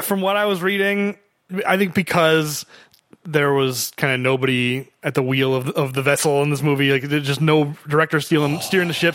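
A man's voice: fairly high pitch, no echo. Chatty man with a dry voice. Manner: relaxed, chatty, acts out quotes. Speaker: podcast co-host. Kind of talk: casual film discussion.

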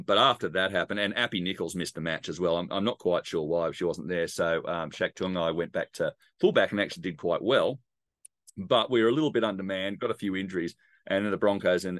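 Low-voiced Australian man recapping rugby. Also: a bit bright, no echo, studio quality. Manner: joking, rambling sports recap. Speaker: podcast co-host. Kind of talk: casual podcast chat.

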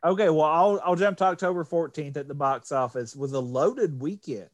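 A man's voice: fairly high pitch, normal speed, no room sound. A man hosting a casual podcast, reading out box office figures in a jokey way. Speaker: podcast host. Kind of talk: casual chat.

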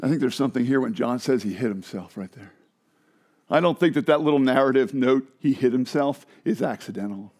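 A man preaching a sermon as pastor, animated and conversational, who drops low and quiet for emphasis. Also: brisk.

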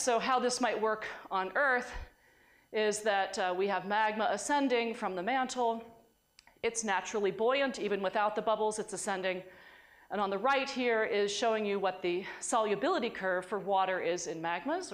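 New woman giving a science lecture, chatty, keeps restarting sentences, mid-pitched voice. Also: normal speed. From United States. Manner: conversational, with frequent restarts.

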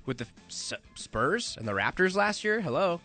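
A man's voice: on the high side, sing-song, normal speed, sharp tone, soft background music. A man co-hosting a sports radio show who argues his sports opinions earnestly. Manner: earnest, argumentative about sports. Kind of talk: casual radio banter. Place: radio studio.

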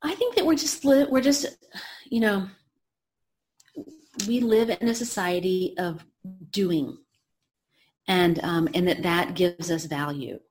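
A woman author and health coach talks as a podcast guest, telling a story with lively, animated energy. Her voice sits a little low for a woman. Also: takes it slowly, long pauses. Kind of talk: storytelling in an interview.

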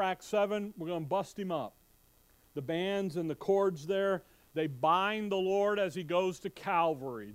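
High-voiced man preaching a Bible sermon. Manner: animated, quizzing the congregation with questions; reads scripture aloud in King James wording.

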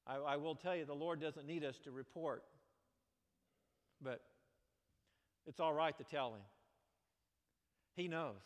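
In a big church, a man preaches with animated energy, alternating sudden bright outbursts with hushed, earnest stretches. His fairly high voice moves at a measured pace with frequent pauses. The long hall reverb lingers after each phrase.

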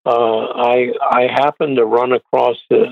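A man talking as a guest in an interview, halting and restarting as he explains. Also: medium pitch, flat delivery, vocal fry, noisy background. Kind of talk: interview on a phone line. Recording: tinny dry phone line.

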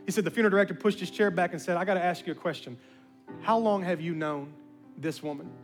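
A man's voice: high voice, fast talker, soft background music. A man pastor telling a story in a sermon, acting out the voices of the people in it. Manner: animated, acts out quoted voices.

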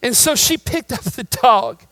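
A man preaching a sermon, telling a story that builds into loud, emphatic preaching. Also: very high voice, expressive, measured pace, no echo, low-quality recording. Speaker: pastor.

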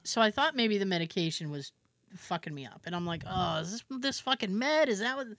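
A woman's voice: medium pitch, expressive, fairly quick, a bit bright, no echo. A woman hosting a podcast, telling a story in casual chat, acting out quotes, laughing often and swearing freely. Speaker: podcast host.

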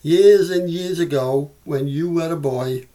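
A man's voice: on the high side, unhurried, warm tone, lightly acted. A man with a Scouse accent reading the part of a curious small boy who questions his older self. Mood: inquisitive.

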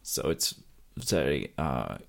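A man's voice: very deep voice, very animated, slow pace, creaky. A man co-hosting a comedy podcast, dry and explanatory in casual chat.

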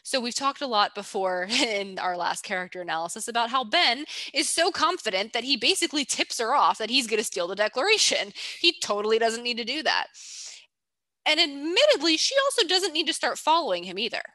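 A woman's voice: fairly high pitch, sing-song, fairly quick, bright, forceful tone, no room sound. A woman co-hosting a podcast, chatting playfully and teasing her co-host while breaking down a film character. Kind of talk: casual analytical chat.

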